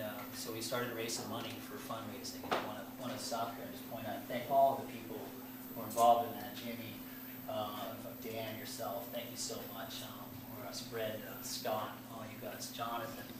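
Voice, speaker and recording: A man's voice: lowish voice, steady tone, a little fast, very noisy. A man in his late forties giving a rambling, chatty talk at his book launch, full of fillers and restarts and often laughing at himself. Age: 40s. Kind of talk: informal speech to a party crowd. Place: indoor party venue with an audience. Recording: very echoey room, distant mic, room ambience.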